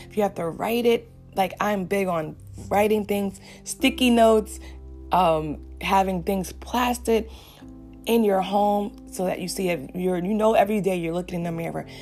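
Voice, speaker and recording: A woman's voice: fairly low pitch, creaky, darkish tone. A woman giving an earnest devotional message and a fervent prayer to her listeners. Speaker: faith speaker addressing listeners.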